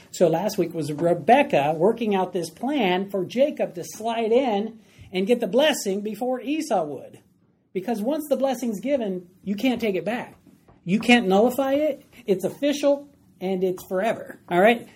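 Mellow, husky woman teaching a Bible class. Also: lowish voice, moderate pace. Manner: lively, conversational, asks the class questions. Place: classroom with a board.

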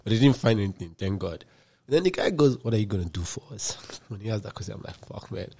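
A man who is a guest on a podcast, telling a story in a relaxed, slangy way. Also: on the low side, fast, husky. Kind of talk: casual storytelling chat.

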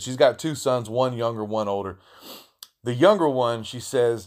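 A man's voice: medium pitch, normal speed. Podcast host, man, swears constantly, rambles through stories in slang and restarts. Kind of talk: casual storytelling monologue.

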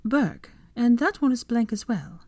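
A woman voicing an eager, bookish young witch in a fan-fiction audiobook, earnest and quick to sympathize. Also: fairly high pitch, big pitch swings, a little mellow, pitched above the performer's own voice. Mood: reading.

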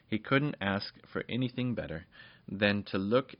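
A man reads a children's fairy story aloud, homely and chatty, now and then turning to the listener. His voice is low, and the close, dry recording sounds dull and lo-fi. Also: lively intonation, unhurried, no echo. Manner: warm, homely reading with asides.

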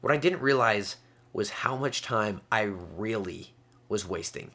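A man's voice: on the low side, animated, measured pace, pushed and bright, slightly rough. A young man in his late teens hosting a casual solo podcast, chatty and upbeat, with frequent little laughs. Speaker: podcast host.

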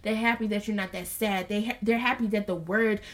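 Speaking in a mid-range voice with fairly even intonation, a woman hosts a casual Bible study podcast and talks earnestly and preachily to listeners she calls y'all. Afterward she reads a scripture passage aloud, soft and slow.

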